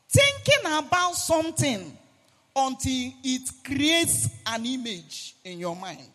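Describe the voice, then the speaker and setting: High-voiced Nigerian preacher, sing-song. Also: male voice. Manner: animated, sing-song preaching with shouted peaks. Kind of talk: sermon. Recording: long hall reverb.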